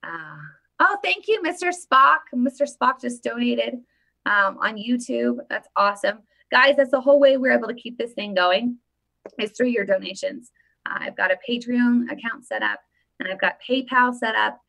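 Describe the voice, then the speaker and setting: A woman vlogger giving casual live-stream political commentary, emphatic and animated, often repeating her phrases. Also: on the high side, moderate pace, creaky.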